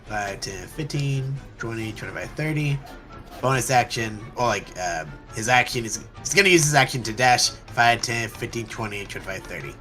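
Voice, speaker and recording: A young man running a tabletop game as game master, talking haltingly with many fillers and counting moves aloud. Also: medium pitch, expressive, bright, forceful tone, soft background music.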